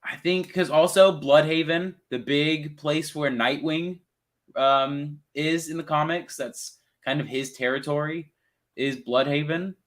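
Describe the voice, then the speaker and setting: Excitable young man rambling about movies. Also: a little high, a little slow. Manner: rambling, excitable, swears casually. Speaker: podcast co-host. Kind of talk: casual movie review chat.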